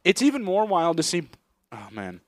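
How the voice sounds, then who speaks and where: Young male podcast co-host, lively, raised voice, joking and swearing, dry close mic. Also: fairly high pitch, normal speed, no echo. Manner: joking, swearing, often laughing. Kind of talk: casual comedy banter. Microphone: studio podcast mic.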